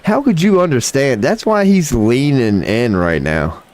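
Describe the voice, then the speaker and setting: A man's voice: mid-range voice, animated, measured pace, darkish tone. A man hosting a livestream and giving joking, trolling reaction commentary with drawled asides. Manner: crude, joking, trolling banter; drawling interjections like "come on now, man". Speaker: livestream host.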